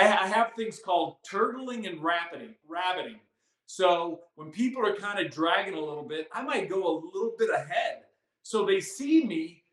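A man who guides canyon hikes, telling stories in an animated, chatty way and acting out what people said. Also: high voice, reverberant, low-quality recording. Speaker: canyon hiking guide, record witness. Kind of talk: casual interview storytelling.

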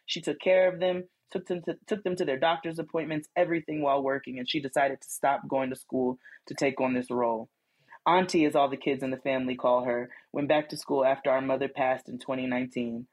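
A woman co-hosting a casual podcast, reading listener letters with lively, emphatic commentary. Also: extremely low pitch, brisk, rough recording. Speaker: podcast co-host.

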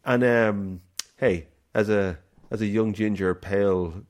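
A man's voice: lowish voice, steady tone, darkish tone. An Irish man co-hosting a podcast, chatting casually and agreeing with frequent laughs. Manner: laughs often, quick back-channel agreement. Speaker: podcast co-host. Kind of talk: casual film chat.

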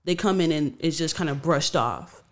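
A woman's voice: low voice, normal speed. A woman who works as a nurse, chatting casually and acting out what she says to patients. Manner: expressive, acts out quotes. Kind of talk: casual chat.

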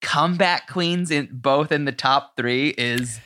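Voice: mid-range voice, slow, sharp tone. A podcast host chatting casually, enthusiastic and loose, with frequent fillers and swearing.

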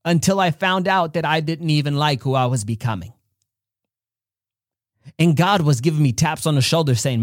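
A man's voice: a little high, moderate pace, long pauses, no echo, clean studio sound. A man hosting a podcast, giving an earnest, direct faith-based motivational talk full of stories. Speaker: podcast host.

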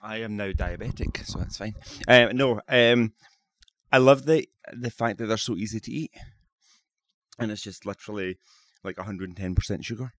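A man's voice: lowish voice, normal speed, a bit bright, no echo. A man chatting casually as a podcast co-host, joking dryly and laughing often. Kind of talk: casual chat. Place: convention hotel room.

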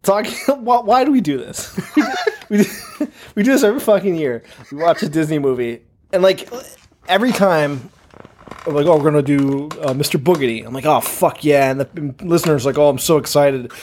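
A man's voice: on the high side, expressive, a little fast, darkish tone, a little hiss or hum. A man in his thirties co-hosting a podcast, rambling casually with chuckles and swearing. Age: 30s. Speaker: podcast co-host. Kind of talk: casual chat.

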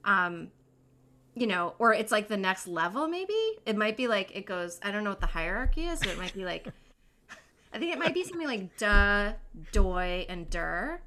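A woman co-hosting a podcast in casual chat, enthusiastic and quick to laugh. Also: mid-range voice, sing-song, bright, forceful tone, a little hiss or hum. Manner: enthusiastic, laughs often, trails off and restarts. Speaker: podcast co-host.

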